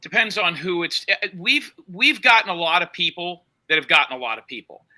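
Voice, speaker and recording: Sharp-toned and high-pitched, this podcast host speaks fairly quickly and animatedly. He argues heatedly for his side of the story, cutting across the other speakers.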